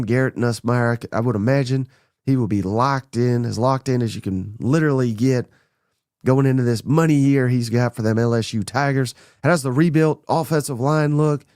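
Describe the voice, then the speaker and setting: A man hosting a sports podcast, talking bluntly and excitedly through a list of names, a little under the weather. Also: medium pitch, dry recording, studio quality. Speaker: podcast host. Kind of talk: casual sports talk monologue.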